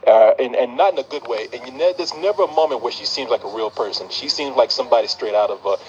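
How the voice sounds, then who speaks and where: A man co-hosting a casual film review chat, emphatic and quick to laugh, stammering when he gets going. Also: medium pitch, dull audio. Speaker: podcast co-host, film reviewer.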